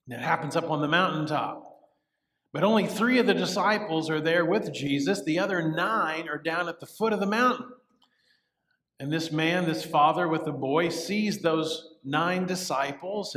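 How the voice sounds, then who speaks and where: A male pastor preaches from the pulpit, telling a story vividly. His voice sits somewhat high. The sound is roomy, with a long reverb from a large sanctuary. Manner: storytelling, animated, acts out quotes. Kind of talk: sermon. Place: church sanctuary.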